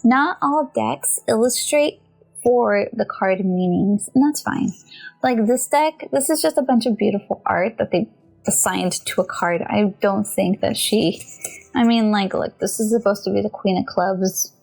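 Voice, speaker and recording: A woman casually teaching tarot, chatty and animated, often giggling and addressing viewers directly. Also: mid-range voice, a little slow, gravelly, faint music behind. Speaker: tarot reader and channel host.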